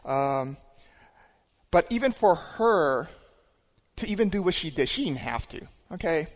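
Male preacher, slightly high voice, relaxed anecdotal sermon, long church reverb. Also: measured pace. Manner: relaxed storytelling with hesitations and chuckles. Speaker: church minister. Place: church sanctuary.

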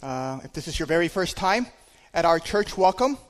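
Guy giving a sunday sermon, kinda higher voice, lots of uh's and little laughs, big echoey church sound. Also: moderate pace. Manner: relaxed storytelling with hesitations and chuckles. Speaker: church minister. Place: church sanctuary. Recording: long hall reverb.

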